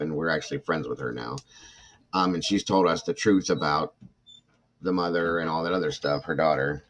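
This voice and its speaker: An older man with a very low voice hosts a casual livestream. He tells a long family story in a rambling, heated way, restarting his sentences and turning to his viewers. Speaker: host.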